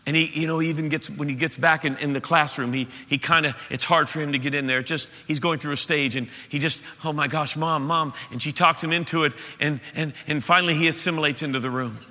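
Man, pastor, sermon, impassioned, very bright tone, slightly high voice, long church reverb. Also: steady tone, fast, hardly any pauses. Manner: impassioned, rising to shouts at peaks. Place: church auditorium.

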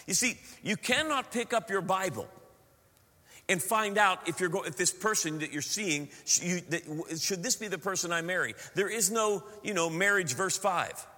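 A man's voice: sits high, animated, moderate pace, bright, forceful tone. A middle-aged man preaching a sermon, telling stories with humor and asking the congregation questions. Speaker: pastor. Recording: reverberant church hall.

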